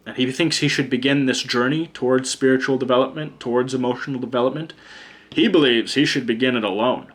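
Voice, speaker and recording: A man's voice: medium pitch, a little fast. Blunt, ranting male tarot reader. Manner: blunt, chatty, swears freely, prone to rants. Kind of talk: casual pick-a-card reading.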